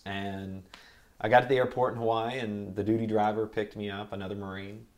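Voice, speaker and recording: A young man, a Marine veteran, telling his service stories in an oral history interview in a relaxed, rambling way. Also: on the low side, a little fast.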